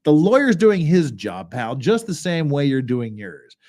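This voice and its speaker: A man's voice: fairly high pitch, sing-song, unhurried, a little mellow. A man, a lawyer, giving casual reaction commentary as he reads a blog aloud, talking conversationally with exasperated asides.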